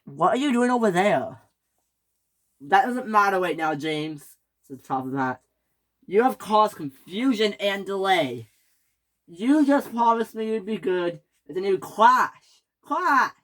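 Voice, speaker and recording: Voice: mid-range voice, lively intonation, measured pace, a bit bright, pitched above the performer's own voice, poor audio. A performer voicing a stern railway boss who scolds his engines, in a toy train story. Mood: scolding.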